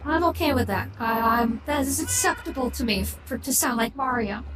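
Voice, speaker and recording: High-voiced woman streamer, rambling. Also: a little fast. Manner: rambling and opinionated, with frequent restarts. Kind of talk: casual livestream chat. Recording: echoey room with clear background noise.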